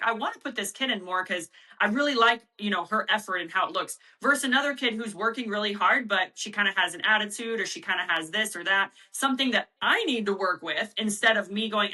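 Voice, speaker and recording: A woman's voice: medium pitch, pushed and bright, rough recording. A middle-aged woman, a volleyball coach, talking casually as an interview guest and acting out quotes from players and coaches in her own voice.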